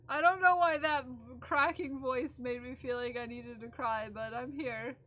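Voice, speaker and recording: A woman's voice: a little high, moderate pace, pushed and bright, no room sound. A woman streamer chatting casually and playfully with her live chat from a room at home.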